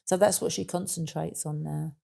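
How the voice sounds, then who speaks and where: Her mellow, creaky voice sits low, holding a steady tone at a moderate pace. This Cockney woman in her sixties is being interviewed and tells casual, chatty stories padded with fillers like "and that."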